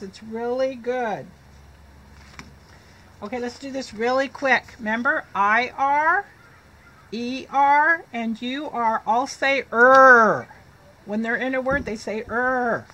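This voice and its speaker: A woman teaching a children's reading lesson, speaking slowly and clearly and sounding out words in an encouraging way. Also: high voice, sharp tone, a little hiss or hum, poor audio.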